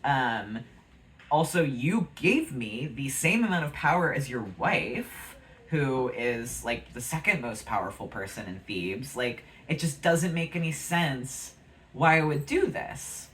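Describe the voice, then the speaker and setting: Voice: mid-range voice, sing-song, slow, fairly bright tone, poor audio. A speaker voicing a defensive ancient nobleman with slangy exasperation while retelling a play. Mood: exasperated.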